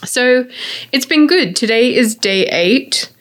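A young woman chats on a podcast with friends, her voice sitting a little high. She talks thoughtfully and casually, laughing easily between points. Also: lively intonation, takes it slowly, a bit bright. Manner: chatty and thoughtful, laughs often. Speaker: podcast co-host. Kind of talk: casual chat among friends.

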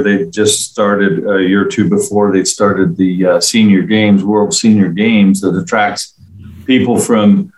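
Middle-aged man from England, low-pitched, easygoing interview guest, rambling storyteller. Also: rough recording. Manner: rambling, friendly storytelling with fillers. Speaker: interview guest, local resident. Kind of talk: casual conversational chat.

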